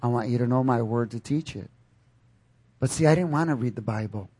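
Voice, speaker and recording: A man preaches a sermon with animated energy, throwing questions out to his congregation and erupting in loud bursts. His mid-range voice moves fairly quickly and carries a breathy edge, with no echo.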